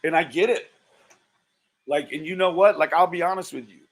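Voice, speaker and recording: A man doing live-stream commentary, exasperated and swearing, with slow, disbelieving exclamations. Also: a little high.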